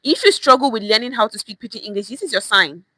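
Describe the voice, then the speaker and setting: A woman's voice: fairly high pitch, quick pace, pushed and bright, no echo. A young woman with a Nigerian accent teaching a chatty online language lesson, repeating phrases and dropping in pidgin words.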